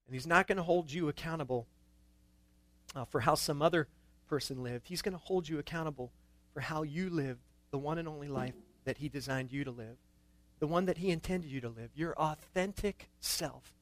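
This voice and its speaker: A middle-aged man preaching a sermon in a church, earnest and rising to excited emphasis at times. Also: a little high, moderate pace, dry recording. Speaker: pastor.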